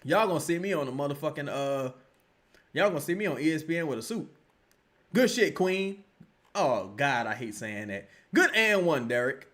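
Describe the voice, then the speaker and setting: A man reacting live to a basketball game and reading chat, with loud, profane, exasperated outbursts. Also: a little high, lively intonation, moderate pace. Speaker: sports streamer reacting live.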